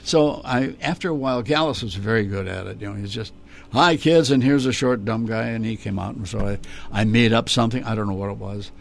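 Gravelly older man telling old TV stories. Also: lowish voice, quick pace, a little hiss or hum. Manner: animated storyteller, slips into character voices and laughs often. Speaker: interview guest, former children's TV performer. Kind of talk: reminiscing interview.

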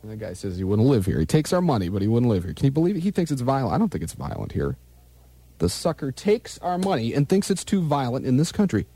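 A man's voice: medium pitch, big pitch swings, quick pace, warm tone, slightly rough, dry recording. A man hosting a morning radio show, jokey and rambling, slipping into mock outrage. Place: radio studio.

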